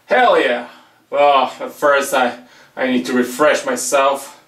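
A man's voice: medium pitch, fairly even intonation, slow, fairly bright tone, roomy sound. Theatrical man talking to himself. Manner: theatrical, exclaiming, swearing. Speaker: comedy sketch creator. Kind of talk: acted comedy sketch, talking to himself.

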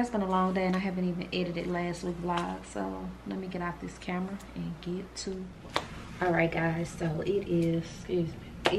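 Chatty woman vlogger, lowish voice. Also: gravelly, noisy background. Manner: chatty, rambling, addresses viewers as y'all. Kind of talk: casual chat to camera.

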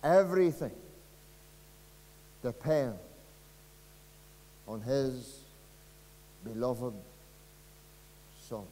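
A man with a Northern Irish accent preaching an evangelistic sermon, earnest and pleading, dropping to a hush and rising again. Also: on the high side, lively intonation, a little slow, long pauses. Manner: earnest, pleading, dramatic swings from loud to hushed. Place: church. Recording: long reverb of a church hall.

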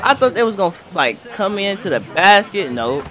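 Young man, high lively voice, excitable gameplay commentary, faint game music and crowd behind. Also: moderate pace, hardly any pauses. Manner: excitable, talks to the screen, trash talk. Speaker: gaming commentator. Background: faint game music and arena crowd.

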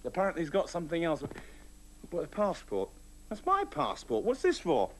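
Kids tv guy talking to puppets, high voice swinging all over, fussy and fed up. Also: wildly swooping pitch, moderate pace, fairly bright tone. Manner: fussy, exasperated, talks to puppets. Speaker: children's TV presenter. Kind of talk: comic puppet-show presenting.

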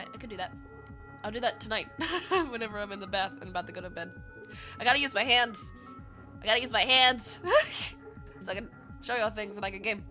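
A woman's voice: medium pitch, pushed and bright. A woman streaming live in casual chat, sick and congested with a nasal, duck-like voice, bubbly and giggly and swearing freely.

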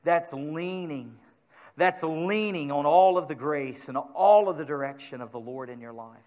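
A pastor preaching a sermon to his congregation, swinging from loud urgency to hushed asides and asking them for agreement. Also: on the high side, a little slow.

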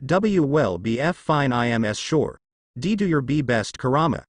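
A man's voice: mid-range voice, big pitch swings, dry recording, studio quality. A man voicing a nervous female slug spirit who stutters on her words. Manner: stuttering, halting.

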